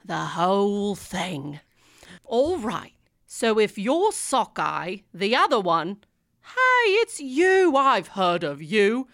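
A woman voicing a cocky, dashing male gentleman thief with a British-sounding accent, talking in a breezy, cheeky way full of slang. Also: mid-range voice, big pitch swings, slow, dry recording, studio quality, heavily acted. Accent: British-sounding put-on accent. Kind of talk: comedic audio drama acting.

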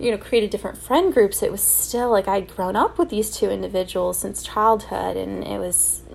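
Gravelly and mid-range, a young adult woman's voice carries a slight hiss or hum. She's the host of a solo podcast, recounting her own experiences with raw emotion, stumbling through fillers and starting over often.

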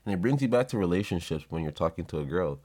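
Young man, low voice, blunt and profane, for a casual vlog monologue. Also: lively intonation, fast talker, dark tone, husky. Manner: blunt and profane, heated storytelling. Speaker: vlogger.

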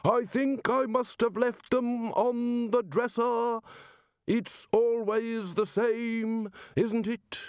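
A man's voice: very high voice, steady tone, slow pace, clear, resonant tone, no echo, studio quality, voice pushed up. A man voicing a bellowing, pompous old male college porter who enunciates each word with stubborn care. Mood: blustering. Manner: loud, each word enunciated with bulldog carefulness.

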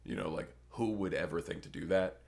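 A man's voice: deep voice, brisk, gravelly. A young man on a podcast, rambling through a crude story in casual chat. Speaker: podcast co-host.

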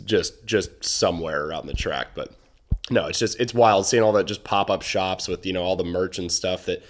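Young american guy podcasting, low-ish voice, rambly and buzzing with excitement. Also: normal speed, slight background noise. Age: young adult. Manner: excited, rambling with many restarts. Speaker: podcast host. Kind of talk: casual chat.

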